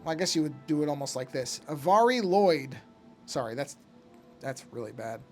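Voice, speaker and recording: A man's voice: medium pitch, fairly quick, faint music behind. A man chatting casually to his live-stream chat while drawing, rambling and often breaking off to fix something. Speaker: art streamer.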